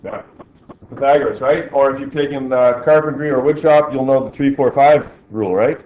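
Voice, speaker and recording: A man's voice: mid-range voice, brisk, highs cut off, a little hiss or hum. A male teacher in a classroom, talking through problems and asking the class questions as he works. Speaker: physics teacher.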